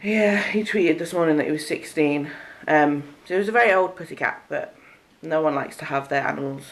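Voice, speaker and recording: A woman's voice: sits low, brisk. A young woman from Cheshire chatting casually on a vlog, telling a story with frequent giggles. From Cheshire, England. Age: young adult. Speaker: vlogger. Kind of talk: casual chat.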